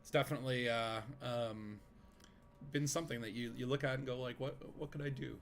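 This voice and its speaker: A man's voice: medium pitch, fairly even intonation, brisk. A man streaming a space game from his home desk, chatting casually with friends, rambling and joking with lots of fillers. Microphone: desk microphone.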